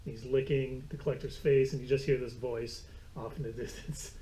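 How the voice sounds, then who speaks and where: A man's voice: mid-range voice, fairly even intonation, moderate pace, mellow, a little hiss or hum, rough recording. A man co-hosting a casual movie recap, an eager fan who drifts into comic-book trivia. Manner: enthusiastic fan, digresses into comic-book lore. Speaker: co-host.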